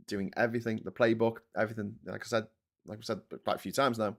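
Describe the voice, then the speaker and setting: A man's voice: medium pitch, steady tone, quick pace, a bit bright. Sweary ranting Scouse man in his forties. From Liverpool, England. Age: 40s. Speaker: host. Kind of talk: casual live-stream commentary.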